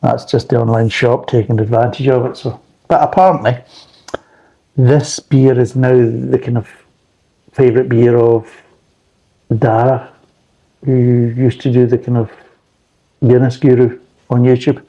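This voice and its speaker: A man's voice: medium pitch, flat delivery, measured pace, creaky, long pauses, warm tone, highs cut off. A man reviewing beer in a rambling, blunt casual chat, swearing freely.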